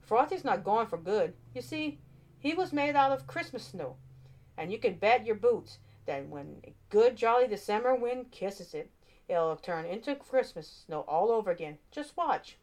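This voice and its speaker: A woman voicing a kindly, jolly old Santa Claus in a storybook reading, gentle and reassuring. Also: mid-range voice, animated, moderate pace, lightly acted.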